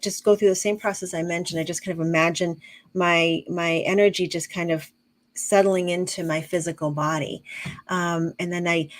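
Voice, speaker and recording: Brief: middle-aged woman guest, calm explainer, slightly low voice, lots of "um" and restarts. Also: rough recording. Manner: calm, explains with long examples, many fillers and restarts. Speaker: guest, intuitive medium and teacher. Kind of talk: casual interview chat.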